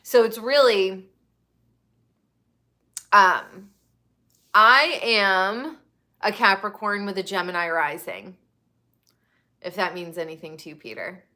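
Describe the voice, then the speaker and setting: A woman's voice: mid-range voice, takes it slowly, pauses often, bright, forceful tone. An American woman in her thirties hosting a casual live stream, speaking candidly and swearing freely while talking to her chat. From United States. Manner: candid, profane, talks to chat viewers. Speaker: livestream host.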